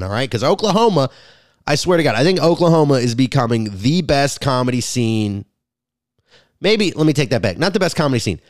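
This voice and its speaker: A man's voice: mid-range voice, expressive, a little fast, dry recording, clean studio sound. A comedian rambling crudely through a casual podcast monologue, recorded in his garage. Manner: rambling, crude, self-interrupting. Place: home garage.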